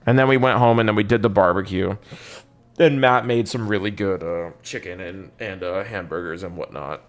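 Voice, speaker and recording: A man's voice: sits low, moderate pace. A young man chatting casually on a live game stream, rambling and swearing, calling his viewers bro. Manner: rambling, profane, says bro a lot.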